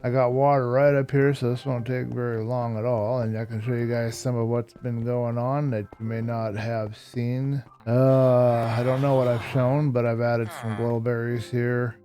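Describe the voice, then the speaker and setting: A man's voice: mid-range voice, level tone, normal speed, hardly any pauses, dark tone. A man giving casual Minecraft gameplay commentary, a little tired and yawning, who likes to explain each step as he builds. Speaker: Minecraft YouTuber.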